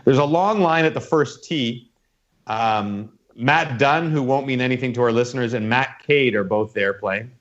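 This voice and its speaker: Here a man with a mid-range voice hosts a podcast at a normal speed, chatting casually and wandering through a story while voicing its characters. Audio quality is dull and lo-fi.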